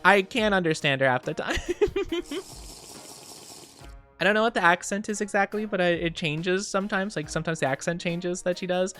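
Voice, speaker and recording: A woman's voice: lowish voice, lively intonation, moderate pace, a bit bright, soft background music. A young woman streamer chatting casually with her viewers, rambling and giggling often.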